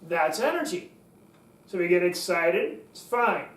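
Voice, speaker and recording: A man giving a lesson on public speaking, acting out what he teaches with sharp rises and drops in his voice. He sits a little back from the microphone in a room with a clear echo. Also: very animated, a little slow, recorded from a distance. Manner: demonstrative, swings pitch up for energy and down for authority. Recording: echoey room, voice from off the mic.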